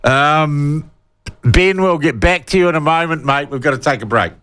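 A man's voice: a little high, moderate pace, a bit bright, clean tone, dry recording, faint music behind. A man hosting talkback radio, chatting with callers and reading out listener texts in a jokey manner.

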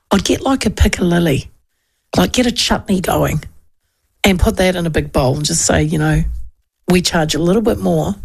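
A woman's voice: mid-range voice, vocal fry. A middle-aged woman hosting a talk show, chatting casually and telling rambling anecdotes with plenty of restarts and asides.

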